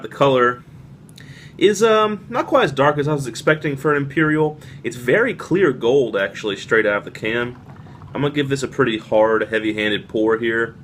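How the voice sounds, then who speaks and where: A man talking casually to the camera as he reviews a beer, relaxed and descriptive, with frequent fillers. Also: mid-range voice, slight background noise.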